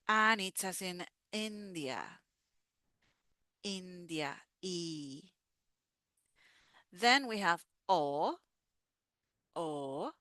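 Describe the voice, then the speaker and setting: A language teacher leads a slow pronunciation lesson, patiently repeating each sound and word several times so learners can follow along. Her medium-pitched voice is bright, forceful, clear and resonant. The recording is clean studio sound with no echo.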